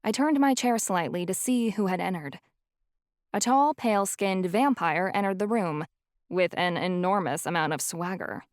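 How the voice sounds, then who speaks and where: A woman narrating a first-person audiobook with a mid-pitched voice. She tells the story in an even, wry way. The sound is close and dry. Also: moderate pace, no room sound.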